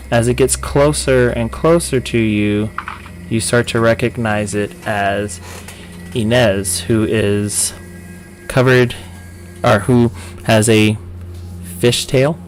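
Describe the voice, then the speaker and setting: A man running a tabletop game as dungeon master, narrating in a halting way with frequent ums. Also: medium pitch, slight background noise.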